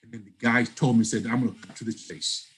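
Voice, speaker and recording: A man's voice: medium pitch, fast talker, rough recording. A man telling a personal story as an interview guest, acting out the lines of people in it. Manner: animated storyteller, acts out dialogue. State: breaks up at times on the line.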